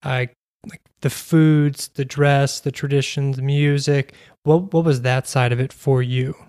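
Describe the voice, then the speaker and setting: A man with a mid-range voice hosts a relaxed interview, asking follow-up questions and nudging the guest along. The recording is dry and close-miked. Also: mid-range voice, a little slow, no room sound. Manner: attentive, prompting questions with steady back-channel responses. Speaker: interviewer, host. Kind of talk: casual conversational interview.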